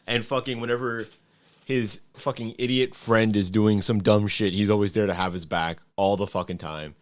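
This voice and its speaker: A man's voice: lowish voice, steady tone, normal speed. A man co-hosting a podcast, chatting casually, swearing a lot, laughing and acting out quotes. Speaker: podcast co-host. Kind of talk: casual chat ranking anime characters.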